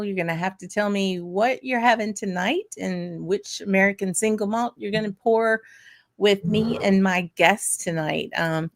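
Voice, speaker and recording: A mid-range voice belongs to a woman hosting a whisky livestream show. Her casual welcome and chat shout-outs are chatty and bubbly, as she greets viewers by name, frequently says "um" and "y'all", and laughs in bursts.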